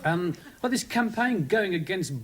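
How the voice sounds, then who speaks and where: A man's voice: high voice, lively intonation, normal speed, fairly bright tone. A man with a Birmingham accent telling a rambling stand-up story with lots of asides. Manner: rambling, chatty, full of asides. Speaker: stand-up comedian. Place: TV studio before live audience. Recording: 1970s TV studio with audience laughter.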